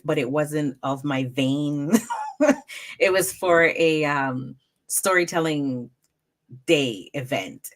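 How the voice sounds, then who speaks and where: A woman storyteller talking as an interview guest, animated, acting out the quoted moments in her stories. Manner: animated, acts out quoted moments with raised pitch. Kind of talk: casual interview chat.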